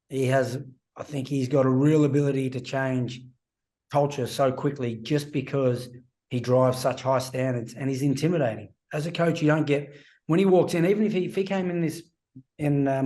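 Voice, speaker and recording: A relaxed man in his forties talks through old stories on a podcast, his tone warm and dark. He slips into other people's voices as he quotes them, in an easy, unhurried conversational way. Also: medium pitch. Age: 40s. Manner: anecdotal storytelling, acts out quoted voices. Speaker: podcast guest, former rugby player. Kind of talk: casual podcast interview.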